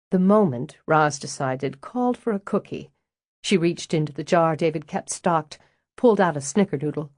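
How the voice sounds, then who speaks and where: Woman narrator, low voice, dry close sound, measured audiobook reading. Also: darkish tone, no room sound. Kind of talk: scripted narration.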